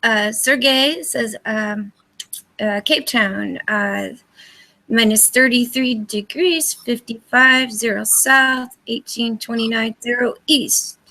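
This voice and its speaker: A woman's voice: on the high side, slow pace, sharp tone. A woman co-hosting an online call-in chat, speaking plainly and reading numbers aloud. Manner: plain, reads coordinates aloud. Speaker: call co-host. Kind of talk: casual group call chat.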